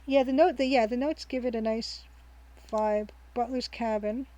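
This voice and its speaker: A woman's voice: on the high side, fairly even intonation, normal speed, warm tone, rough recording. A woman streamer giving casual let's-play commentary, chatty and rambling, thinking aloud with frequent ums and easy laughs. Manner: cheerful, laughs easily.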